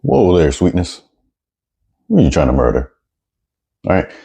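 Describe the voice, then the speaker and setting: A man's voice: deep voice, big pitch swings, normal speed, vocal fry, dark tone, slightly rough. A man giving blunt, sarcastic commentary while reacting to news clips, often repeating words as he gets going.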